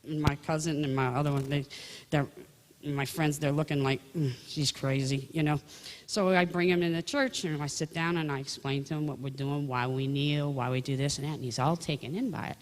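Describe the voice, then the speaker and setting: A woman's voice: low voice, fairly even intonation, fairly quick. An older woman giving a Catholic testimony, telling chatty, rambling anecdotes straight to her listeners. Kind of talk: storytelling faith talk. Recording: long echoing reverb.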